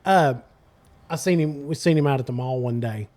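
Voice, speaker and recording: A man's voice: mid-range voice, normal speed, crowd noise. A man co-hosting a podcast, telling rambling, slangy stories in casual chat. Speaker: podcast co-host.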